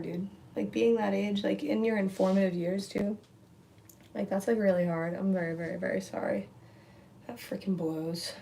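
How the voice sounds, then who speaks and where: A woman's voice: mid-range voice, creaky, darkish tone, slight background noise. A young woman livestreaming from home, rambling casually, repeating words and reading viewer comments aloud. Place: at home indoors, near a window.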